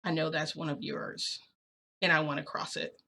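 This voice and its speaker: A woman voicing a sly, teasing young man who talks in a soft, low, insistent way. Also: little pitch movement, moderate pace, vocal fry, a little hiss or hum.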